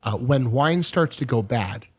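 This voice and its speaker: A man hosting a casual podcast, telling stories in a rambling way and jumping into animated voices for the people he quotes. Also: medium pitch, unhurried, husky. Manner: drinks and chats over whiskey. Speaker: podcast host. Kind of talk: casual chat.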